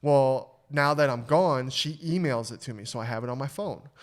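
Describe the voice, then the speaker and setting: A young adult man hosting a podcast, telling a story in casual chat with lots of swearing and quick restarts. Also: medium pitch. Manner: animated, swears freely, stammers and restarts. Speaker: podcast host.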